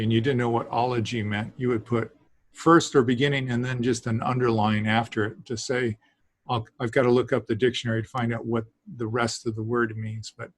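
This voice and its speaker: A man teaching a beginners' language class, talking haltingly with many fillers and small laughs. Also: medium pitch, dry recording. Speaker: Greek teacher. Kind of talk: classroom lesson.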